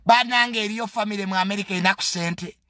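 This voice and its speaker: A man's voice: sits high, bright, forceful tone, no room sound, studio quality. A man with a Ugandan accent giving a casual, comedic monologue in a mocking, boastful tone and mixing English phrases into his talk.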